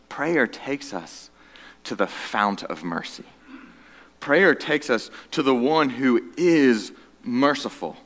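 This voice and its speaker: A man preaches a sermon as a pastor, earnestly shifting between loud, emphatic stretches and hushed, low passages. The audio has a long reverb tail.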